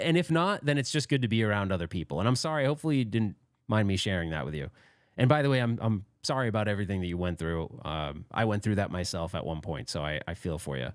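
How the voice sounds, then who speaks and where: A man's voice: medium pitch, dry recording, clean studio sound. A man hosting a casual livestream, chatting and reading out viewer comments in a rambling, self-deprecating way, often laughing. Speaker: livestream host.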